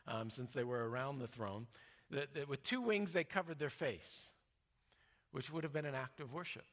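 A male preacher teaching a sermon in an easy, conversational way, full of fillers and restarts, and dropping soft and low when he quotes scripture. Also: in a large hall.

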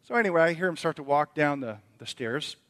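A middle-aged man preaching as a pastor, telling a family story that moves from quiet reflection to emphatic preaching. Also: fairly high pitch, animated, a little fast. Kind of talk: sermon.

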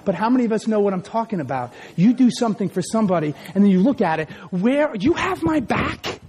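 A man in his forties preaching a lively sermon, who often breaks into shouts as he acts out scenes. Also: high-pitched, rapid-fire. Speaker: pastor who also teaches school.

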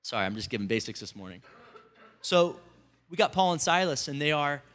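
A pastor giving a lively, conversational sermon to a congregation, calling out to the people in front of him. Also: male voice, fairly high pitch, brisk. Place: church service before a congregation.

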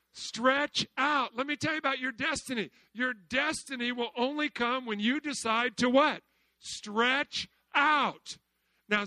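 Man, pastor, sermon, very high pitch, dry close sound, call-and-response questions. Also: no room sound. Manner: calls out questions to the congregation, swings between loud and hushed.

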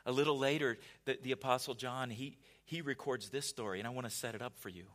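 A male pastor giving a conversational sermon, often restarting words and building to emphatic, louder passages. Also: mid-range voice, quick pace.

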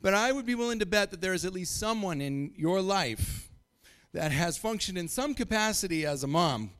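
A man's voice: high voice, animated, moderate pace, a bit bright, clean tone. A middle-aged man from Montana preaching a sermon, telling stories and chuckling often. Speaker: pastor.

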